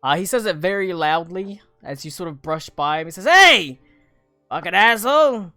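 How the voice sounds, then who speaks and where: A man narrating as game master of a tabletop game, rambling with many pauses and restarts. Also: on the high side, fairly bright tone, no room sound, studio quality, faint music behind.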